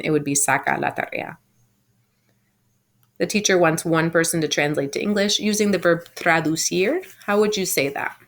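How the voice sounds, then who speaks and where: Low-voiced woman teaching a recorded class. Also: a bit bright. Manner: clear, patient explaining with slow modelled phrases. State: home sick. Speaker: Spanish teacher. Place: at home.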